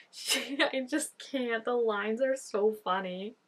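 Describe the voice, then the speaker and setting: Animated woman reacting to a TV episode. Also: fairly high pitch, very slow. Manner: animated, laughing often, gasps, exclaims at the screen. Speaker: TV show reactor. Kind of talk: casual reaction commentary.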